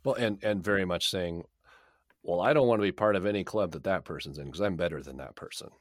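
A man's voice: low voice, quick pace, dry recording. A man co-hosting a podcast and chatting casually about a book, rambling and repeating words as he thinks. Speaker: podcast co-host.

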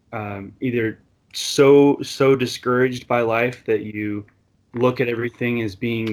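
A man's voice: mid-range voice, steady tone, a little slow. A man talking casually and reflectively in a scripture discussion, rambling a little and restarting his sentences. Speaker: scripture study discussion participant.

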